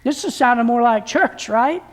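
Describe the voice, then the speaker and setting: Woman preacher, somewhat high voice, talks to the congregation in a relaxed, homespun way and restarts her phrases often. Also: moderate pace. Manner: plain-spoken, folksy, with frequent restarts. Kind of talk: conversational sermon. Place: church service.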